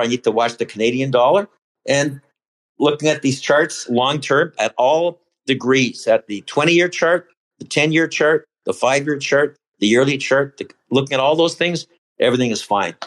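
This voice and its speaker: A man's voice: medium pitch, normal speed, rough recording. Talkative man explaining market charts. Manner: talkative, often restarting and correcting himself mid-sentence. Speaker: podcast guest.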